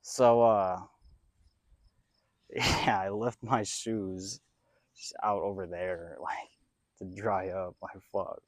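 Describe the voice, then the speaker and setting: A young man vlogs outside in a loose, rambling monologue on faith and manifesting, swearing a lot as he lurches from loud, excitable bursts to quiet muttering. His pitch is ordinary and his pace extremely slow, with long pauses. The audio is dry and close, with no room sound.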